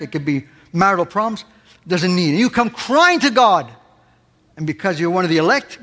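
A man's voice: sits high, fairly bright tone, big-room sound. A man preaching a sermon as pastor, impassioned, pressing his congregation with rhetorical questions.

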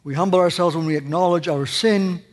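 Male pastor, high-pitched, impassioned preaching with big rises and hushed drops, long hall echo. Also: fairly quick. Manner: impassioned preaching, rising high on questions and dropping to a hush. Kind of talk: sermon.

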